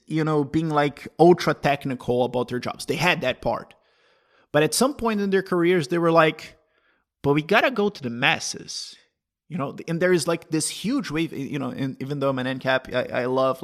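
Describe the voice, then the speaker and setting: Brazilian man rambling in casual talk. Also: on the high side. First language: Portuguese. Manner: rambling, self-interrupting, restarts phrases, laughs often. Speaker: guest, libertarian commentator. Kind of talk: casual conversational interview.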